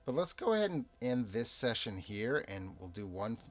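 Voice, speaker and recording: A man narrating a solo tabletop game as game master, in a relaxed, rambling, self-amused way. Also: mid-range voice, normal speed. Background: soft background music.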